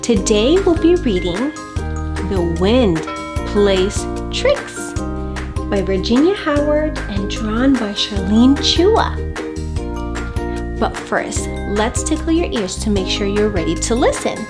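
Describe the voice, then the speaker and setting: Woman host of a kids' story time, playful read-aloud, unhurried, animated delivery. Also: medium pitch, over music. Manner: expressive, playful reading with animal noises. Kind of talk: children's picture book read-aloud.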